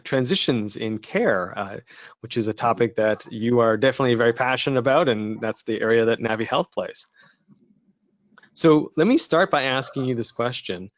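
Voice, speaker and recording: Chatty Canadian-born interview host. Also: male voice, mid-range voice, normal speed, dry recording, muffled recording. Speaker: podcast host. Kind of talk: interview hosting.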